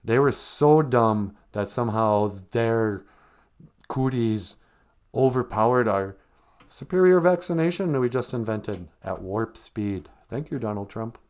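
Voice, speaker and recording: A man's voice: medium pitch, expressive, unhurried, darkish tone. A man hosting a comedy podcast, ranting in a sarcastic, mocking way. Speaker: podcast host. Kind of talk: satirical comedy rant.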